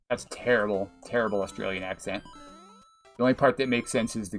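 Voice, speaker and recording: A man's voice: medium pitch, very animated, brisk, soft background music. A man streaming a platform game live, talking casually, cursing at his mistakes, laughing, and thanking viewers by name. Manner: chatty, swears, laughs often, thanks viewers. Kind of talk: live gameplay commentary.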